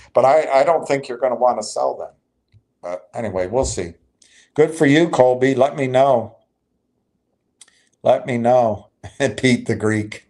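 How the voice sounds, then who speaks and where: A man's voice: mid-range voice, darkish tone. A man hosting a live stream, giving emphatic, agitated stock market commentary and answering chat. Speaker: livestream host.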